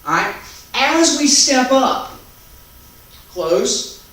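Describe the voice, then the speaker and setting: A man teaching a taiji class online, calmly calling out each movement, breath and count step by step. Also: very high-pitched. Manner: calm, unhurried step-by-step cueing and counting. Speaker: taiji instructor. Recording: very echoey room, mic far off, faint background noise.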